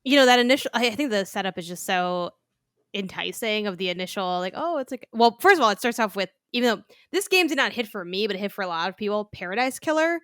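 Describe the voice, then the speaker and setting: A woman co-hosting a gaming podcast, chatting in an animated, rambling way. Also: mid-range voice, fast, smooth, dry recording, clean studio sound. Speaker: podcast co-host. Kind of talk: casual chat.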